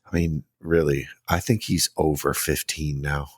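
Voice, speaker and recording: A man's voice: rumbling low, unhurried, no echo, clean studio sound. A man in his forties co-hosting a podcast in casual chat, swearing freely and joking around. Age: 40s. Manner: swears freely, jokey and animated. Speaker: podcast co-host.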